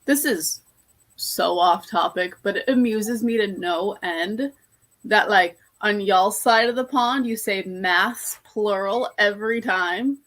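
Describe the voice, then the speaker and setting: An American woman chatting casually on a livestream, telling rambling, animated asides. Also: medium pitch, slow pace. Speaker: livestream guest. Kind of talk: casual chat.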